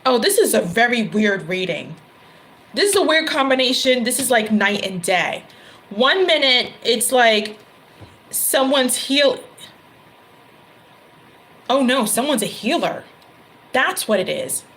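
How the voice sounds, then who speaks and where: A woman's voice: fairly high pitch, big pitch swings, slow, pauses often, a bit bright, poor audio. A woman giving a casual tarot reading, chatty, laughing often and correcting herself mid-sentence. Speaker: tarot reader. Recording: card shuffling and clicks behind voice.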